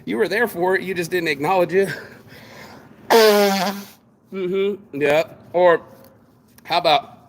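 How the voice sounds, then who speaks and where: A man's voice: a little high, a bit bright. Blunt, profane man ranting outdoors. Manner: blunt, profane, streetwise, calls everyone bro. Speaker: vlogger. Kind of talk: ranting walk-and-talk vlog. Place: outdoors, picking up litter.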